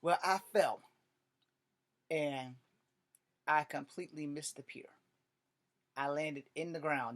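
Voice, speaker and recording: A man's voice: mid-range voice, fairly bright tone. Rambling man telling a story. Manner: rambling and profane, full of fillers. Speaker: vlogger. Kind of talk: casual storytelling.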